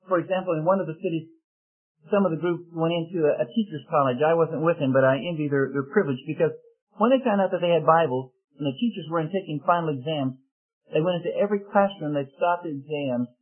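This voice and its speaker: A man preaching a sermon, telling stories in an animated way and acting out the dialogue. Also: fairly high pitch. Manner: animated storyteller, acts out quoted dialogue. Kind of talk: sermon storytelling. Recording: tinny phone-like radio broadcast.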